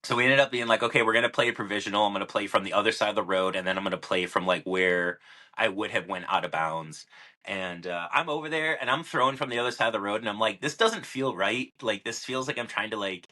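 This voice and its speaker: Young male podcast co-host, bright tone, rambling, filler-heavy storyteller. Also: lowish voice, fast talker. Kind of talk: casual chat.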